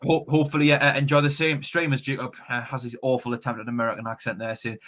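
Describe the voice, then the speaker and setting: A man's voice: mid-range voice, flat delivery, rapid-fire, a crowd in the background. A young man hosting a fan live stream, chatting and reading out viewer comments with plenty of stumbles and repeats. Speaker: fan channel host reading the live chat. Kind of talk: casual live-stream chat.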